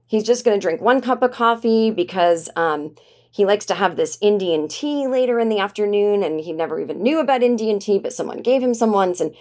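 A woman comedian hosting a podcast, telling a casual, animated story from her home office in a chatty way, full of "like"s. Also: medium pitch, a little fast. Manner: chatty and animated, acts out quoted voices, many "like"s.

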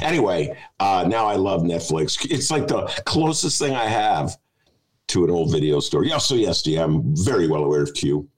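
Host type, male, low-ish voice that swings a lot, wry and chatty. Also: normal speed, rough recording. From United States. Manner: wry, animated, rambling. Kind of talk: casual podcast chat.

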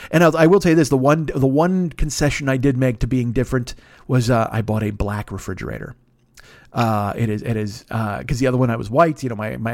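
A man hosting his own podcast, telling rambling, profane stories in a deep radio-style voice and acting out the people in them. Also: a little mellow, no room sound, clean studio sound. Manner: profane, rambling storyteller who acts out other people's voices. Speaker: podcast host. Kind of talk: casual solo monologue.

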